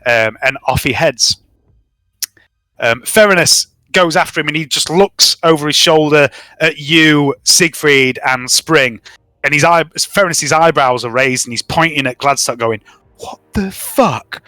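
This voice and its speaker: A man's voice: a little high, measured pace, pushed and bright, dry recording. Profane, rambling male game master. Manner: rambling, profane, many ums. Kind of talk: casual tabletop narration.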